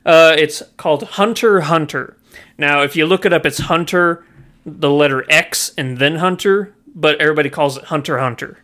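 A man co-hosting a podcast, sharing blunt, animated opinions on movies and anime. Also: fairly high pitch, normal speed. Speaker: podcast co-host. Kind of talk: casual movie review chat.

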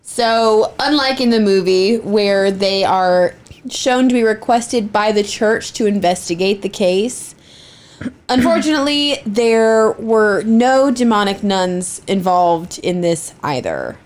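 A young woman on a casual podcast recounts a famous haunting from her notes. She is chatty and quick to giggle, and her voice swings up and down in pitch. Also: animated. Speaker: podcast co-host, story presenter.

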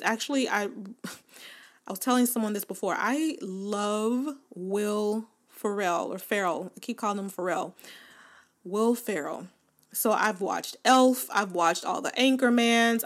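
Woman podcast host, slightly high pitched, chatty, emphatic, laughs easily. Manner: emphatic, repeats points for weight. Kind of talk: casual chat to listeners.

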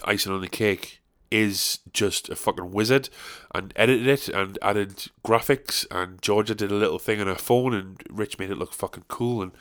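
A man's voice: on the low side, moderate pace, hardly any pauses, fairly bright tone. A young man, tired, chatting on his solo podcast in a rambling, sweary, self-deprecating way. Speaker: podcast host. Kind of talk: casual solo podcast chat.

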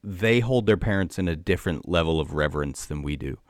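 Deep male guest, dry close-miked, keen explainer full of fillers. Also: animated, brisk, no room sound. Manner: enthusiastic explainer, many fillers like "um" and "like". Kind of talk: casual conversation.

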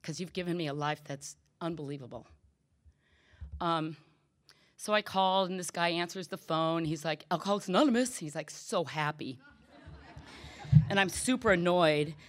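Unhurried and pausing often, a middle-aged woman speaks in a low voice as she recounts her own recovery to a group. Her testimony is candid, emotional, and self-deprecating.

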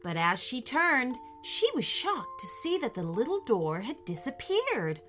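Woman storyteller, bright lively tone, unhurried, soft music under. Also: sits high. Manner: expressive, animated reading. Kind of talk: children's story narration.

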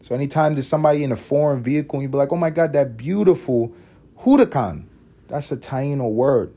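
A Puerto Rican man hosting a podcast, riffing in a loose comedic monologue, profane and animated with sudden loud bursts. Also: medium pitch, brisk, slightly rough. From Puerto Rico. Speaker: podcast host.

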